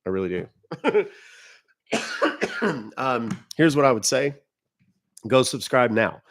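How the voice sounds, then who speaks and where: A man's voice: medium pitch, animated, slow. A man hosting a live stream, talking casually to viewers and giving blunt, emphatic warnings. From United States. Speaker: livestream host. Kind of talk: casual livestream talk to viewers.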